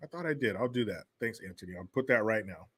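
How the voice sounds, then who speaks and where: A man's voice: lowish voice, expressive, fast talker, a bit bright, husky. A man hosting a livestream, ranting in profane, mocking commentary. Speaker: livestream host.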